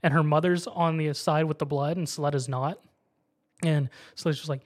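Talking a little fast in a voice on the high side, a man casually goes over an anime episode. He tells the story in a lively way, voicing each character's lines.

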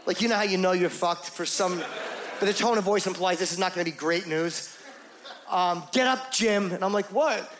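A man with a high, light voice tells a self-deprecating story onstage as a stand-up comic. He jumps between confessional asides and quick acted-out bits of dialogue. A faint room ambience sits behind his handheld mic. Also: fairly even intonation, a bit bright, a little hiss or hum. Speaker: stand-up comedian. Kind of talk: stand-up comedy set. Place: comedy stage before a live audience.

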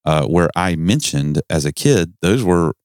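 A middle-aged man from the North Carolina mountains, his Southern accent strong in casual, rambling podcast banter. His voice sits very low and comes across smooth and resonant. The recording is dry and close, with no room sound. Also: animated, a little slow, a little mellow, dry recording. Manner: joking, rambling, self-deprecating. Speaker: podcast co-host. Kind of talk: casual chat.

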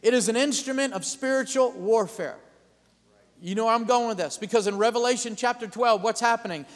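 A man preaching a sermon as pastor, calling out amens and building to loud declarations. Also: very high voice, a little fast, big-room sound.

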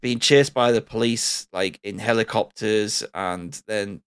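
A man's voice: lowish voice, measured pace, clean tone, dry recording, studio quality. A man reminiscing in a casual podcast chat, rambling and enthusiastic. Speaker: podcast co-host.

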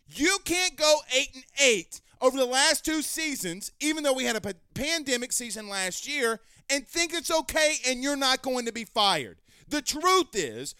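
A man hosting a sports talk show, ranting heatedly and raising his voice to shouts. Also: very high-pitched, sing-song, normal speed, hardly any pauses, clear, resonant tone, dry recording. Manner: fiery, ranting, raises voice to shouting. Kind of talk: heated sports commentary rant.

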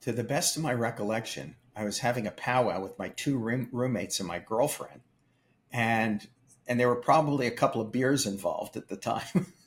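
An older man, a film producer, telling emphatic, animated stories in an interview. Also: mid-range voice, moderate pace. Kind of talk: storytelling interview.

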